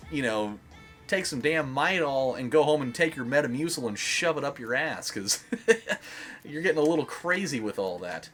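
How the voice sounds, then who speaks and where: A man's voice: medium pitch, very animated, a little fast, a bit bright, soft background music. A young man giving casual gameplay commentary as a let's play host, rambling with lots of fillers and swearing.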